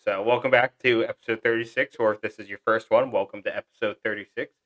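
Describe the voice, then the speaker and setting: A man's voice: on the low side, fairly even intonation, fast, muffled recording. A young man co-hosting a podcast, chatting casually and reading announcements in an upbeat, chatty way with fillers. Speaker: podcast co-host.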